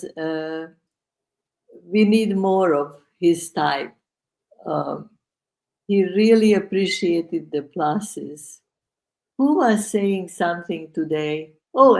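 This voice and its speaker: An older woman joins a podcast over a video call from home, talking very slowly and hesitantly in a fairly low voice. Her remarks come out dry and sarcastic in a casual, unhurried chat. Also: vocal fry. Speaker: podcast co-host.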